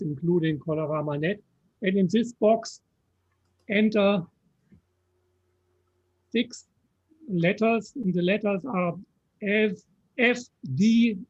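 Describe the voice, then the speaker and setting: A man with a German accent, patiently explaining software step by step on a video call. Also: sits high, slow pace, long pauses, husky. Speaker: software presenter. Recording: dull lo-fi call audio.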